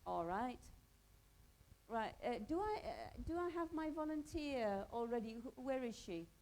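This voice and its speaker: A woman's voice: on the high side, animated, normal speed, a little mellow, poor audio. Woman from Pakistan leading a workshop. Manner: conversational, quizzing the group. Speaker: hospital volunteer trainer. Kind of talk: workshop teaching.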